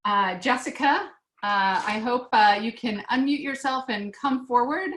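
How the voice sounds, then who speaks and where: This American woman hosts an online class interview over a video call, and she's chatty and friendly with plenty of fillers. Her pitch is fairly high and her tone fairly bright, and she speaks a little slowly. There's slight background noise, and the room sounds echoey.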